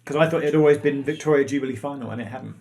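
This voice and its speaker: A man co-hosts a casual online quiz night, chatting in a loose, rambling way. His voice sits at an ordinary middle pitch, and he often pokes fun at himself as he wanders through facts. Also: racing, a little mellow. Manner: chatty, rambling, self-mocking. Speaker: quiz co-host. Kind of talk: casual live-stream chat.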